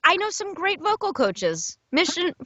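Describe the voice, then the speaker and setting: A woman guest laughs easily and plays along with improvised jokes. Her voice is bright and forward. The recording is dry and a little muffled. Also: extremely high pitch, big pitch swings, no room sound. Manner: giggly, quick to play along. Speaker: guest voice actor. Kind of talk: improvised comedic chat.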